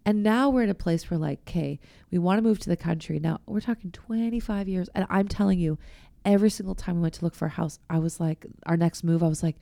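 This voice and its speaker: A middle-aged woman hosting a faith podcast, talking candidly and chattily and sometimes dropping to a hushed voice. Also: lowish voice, fast talker, creaky, no room sound. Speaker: podcast host. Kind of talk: faith-based casual chat.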